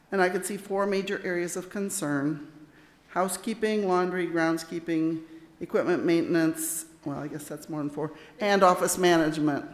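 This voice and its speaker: A woman thanking camp volunteers at a church meeting, chatty and plainspoken. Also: lowish voice. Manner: chatty, self-deprecating, plainspoken. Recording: echoey hall with long reverb.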